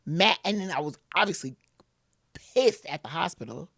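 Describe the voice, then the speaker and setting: A woman's voice: low-pitched, moderate pace, creaky, breathy edge, no room sound, studio quality. A woman guest on a podcast, telling a personal story and acting out what people said, with plenty of "like" fillers. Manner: animated retelling, acting out quotes, many "like" fillers.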